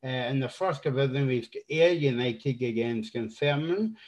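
A Scottish man hosting a relaxed podcast. His voice sits at a middle pitch. He jokes and fills gaps with ums. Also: normal speed. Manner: joking, with many fillers. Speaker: host. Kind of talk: casual podcast chat.

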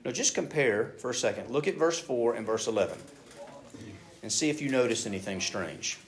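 A man preaching a sermon. He reads scripture aloud, then speaks directly to the congregation, moving between loud emphasis and hushed asides. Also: mid-range voice, animated, normal speed. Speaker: pastor.

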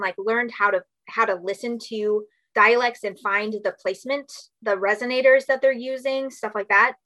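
Bubbly bright young woman. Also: medium pitch, poor audio. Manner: bubbly, fast, heavy use of "like". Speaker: voice actress guest. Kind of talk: casual interview chat.

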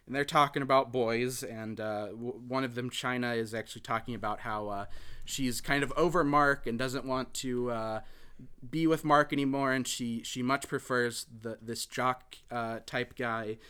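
Bright, clear-voiced man rambling through a film recap. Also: medium pitch, steady tone, moderate pace. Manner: rambling, hesitant, many filler words and restarts. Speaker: podcast host recapping a film. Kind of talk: casual film recap chat.

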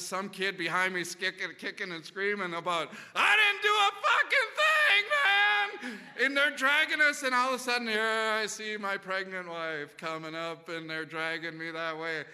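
A man's voice: high voice, little pitch movement, normal speed, few pauses, bright, forceful tone, big-room sound. A man casually telling a rambling, profane anecdote full of restarts. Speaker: storyteller.

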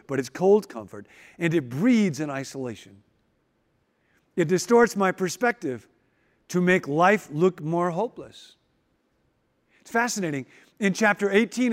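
Brief: man in the pulpit, fairly high-pitched, dramatic pauses, reverberant hall. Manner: dramatic pauses, emphatic and wry. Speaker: pastor. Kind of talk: sermon.

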